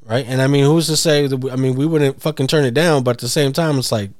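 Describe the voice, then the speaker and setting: Male co-host relaxed storyteller, mid-pitched voice, dry close sound, casual swearing. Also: quick pace, dry recording. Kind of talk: casual chat.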